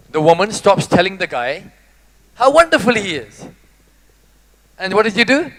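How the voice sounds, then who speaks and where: Man, a high-pitched motivational speaker who is animated and teases the crowd. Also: poor audio. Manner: animated, jokey, teases the audience. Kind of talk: live motivational talk.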